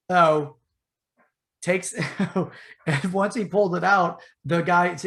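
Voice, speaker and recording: A man with a slightly higher voice spins a long tale in a loose, rambling way, full of fillers and restarts. He slips into the voices of the people in his story as he goes, keeping the feel of a casual podcast chat. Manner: animated retelling, acts out the voices in his story. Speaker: podcast host telling a story.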